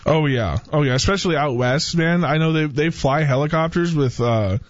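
A young man in a casual chat, telling animated stories and acting out quotes, with a lot of dude and bro. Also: on the high side, moderate pace, dry recording. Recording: dull, muffled sound.

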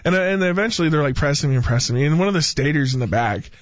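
A young man in a casual chat, telling animated stories and acting out quotes, with a lot of dude and bro. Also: a little high, very fast, dry recording. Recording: dull, muffled sound.

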